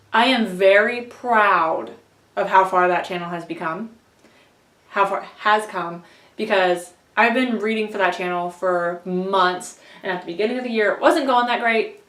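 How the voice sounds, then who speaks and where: A woman's voice: medium pitch, fairly bright tone. Chatty woman vlogger in an echoey room. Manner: chatty, self-deprecating, laughs often. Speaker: book vlogger and audiobook reader. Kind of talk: casual rambling vlog. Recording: echoey room, voice a bit far from mic.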